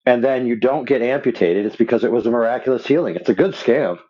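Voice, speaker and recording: A man's voice: mid-range voice, quick pace, dark tone, lo-fi sound. A man on a group voice chat, talking in a sarcastic, mocking way. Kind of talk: casual chat.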